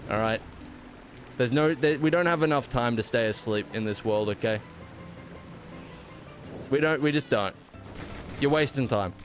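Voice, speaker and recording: A man's voice: medium pitch, measured pace, pauses often, soft background music. Australian man bantering with his stream chat. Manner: playful, mock-indignant banter with chat. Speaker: game streamer. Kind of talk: casual live-stream chat while gaming.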